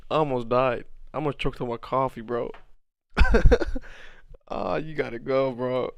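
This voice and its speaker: Hosting a forex livestream, a twentysomething man reads the chat and banters casually, laughing hard and swearing often. He speaks unhurriedly at medium pitch with fairly even intonation, his gravelly voice clear and resonant, with no room sound.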